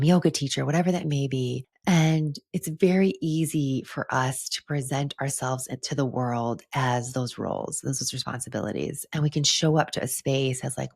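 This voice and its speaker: A middle-aged woman hosting a reflective solo podcast, talking earnestly and gently about spiritual topics with "like" fillers and soft laughs. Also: deep voice, husky, dry recording, clean studio sound. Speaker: podcast host and retreat leader.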